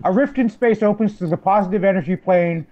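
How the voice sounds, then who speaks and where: A man playing in a tabletop game, explaining spells and rules in a measured way. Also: sits high. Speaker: player. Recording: dull lo-fi mic.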